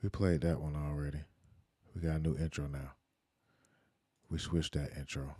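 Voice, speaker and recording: A man hosting his podcast in a loose, relaxed chat, leaning on fillers and slang. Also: extremely low pitch, moderate pace, no echo, studio quality. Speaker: podcast host.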